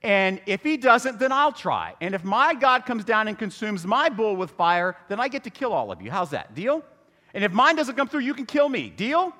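Male pastor, animated and joking, pitch swinging widely, echoing sanctuary. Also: moderate pace. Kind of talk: humorous sermon. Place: church sanctuary.

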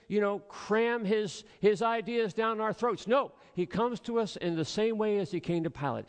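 A man's voice: high voice, darkish tone. A pastor giving a sermon in a church, earnest and rhetorical, acting out the voices of his listeners. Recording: long hall reverb.

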